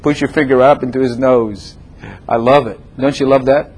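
An older man preaching a sermon as a pastor, emphatic and repetitive, swinging between loud declarations and softer asides. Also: medium pitch, steady tone, moderate pace, slightly rough.

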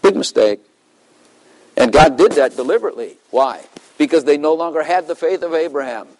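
A man's voice: on the high side, lively intonation, a little fast, a little mellow, poor audio. An older man preaching a sermon in a loose, conversational way, asking the congregation questions and chuckling between points. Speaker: pastor.

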